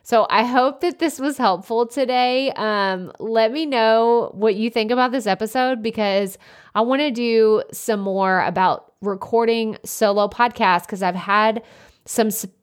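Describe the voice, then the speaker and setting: A woman hosting a solo podcast, talking loudly and energetically in a casual, chatty way into a close microphone. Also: a little high, a little slow, clean tone. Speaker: podcast host. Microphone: studio podcast microphone up close.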